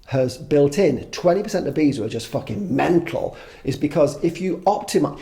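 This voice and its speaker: A man's voice: a little high, expressive, normal speed, vocal fry, warm tone. A man in his fifties, a podcast guest, chatting casually in a rambling way, swearing freely and making fun of himself. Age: 50s. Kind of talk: casual conversation.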